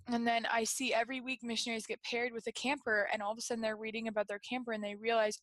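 A woman's voice: a little high, fairly even intonation, fairly bright tone, no echo. A young woman who leads staff at a camp, talking earnestly in casual conversation with lots of fillers. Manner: earnest, quick, filler-heavy talk.

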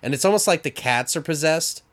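A man's voice: a little high, expressive, brisk, fairly bright tone. A man co-hosting a casual podcast, talking over a horror movie, swearing freely and acting out characters. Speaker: podcast co-host.

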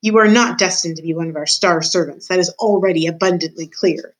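A woman's voice: lowish voice, fairly quick, close to an everyday voice. A woman reading aloud and voicing a stern, humorless head servant who scolds a maid. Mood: scolding. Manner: scolding, roaring.

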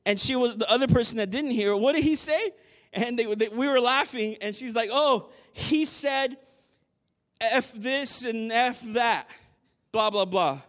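A man's voice: sits high, long reverb tail. A man preaching a sermon as a pastor, talking in a conversational way with many restarts and building to emphatic points.

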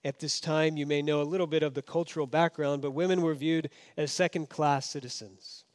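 Male pastor with hushed, emphatic delivery. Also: fairly even intonation, a little fast. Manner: dynamic, swinging from emphatic loud to hushed low. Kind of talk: sermon.

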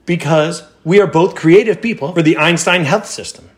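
A man hosting a podcast, joking playfully in casual chat. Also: a little high. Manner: playful, jokey, quick asides. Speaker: podcast host.

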